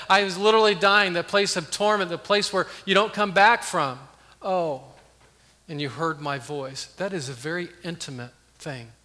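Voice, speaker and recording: A man preaches a sermon with a bright, fairly high voice that carries into a long reverb. He moves between earnest loud emphasis and soft, hushed lines. It sounds like a pastor speaking from the front of a church.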